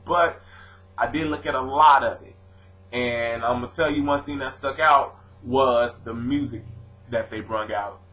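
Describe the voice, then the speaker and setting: In a rough recording, a young adult man with a mid-range voice speaks unhurriedly. Originally from Louisiana and raised on the West Coast, he responds to commenters directly in an animated, argumentative, slangy vlog rant.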